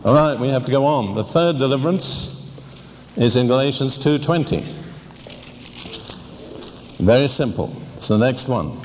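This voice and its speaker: A man's voice: mid-range voice, expressive, a little mellow, a little hiss or hum. Older male preacher in a reverberant hall. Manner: deliberate teaching with pointed questions. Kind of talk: sermon.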